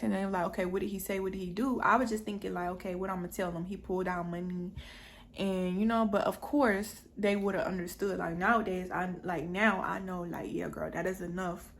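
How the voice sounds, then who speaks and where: Young woman w/ doing a storytime vlog, gravelly voice, talks right to viewers. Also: medium pitch, slight background noise. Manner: conversational, addresses viewers directly, fast asides. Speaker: vlogger telling a personal story.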